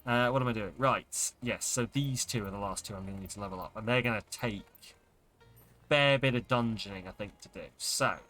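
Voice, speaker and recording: A man's voice: on the low side, normal speed, sharp tone, faint music behind. A man streaming a story game, chatting casually and rambling through explanations. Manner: chatty, rambling, self-correcting.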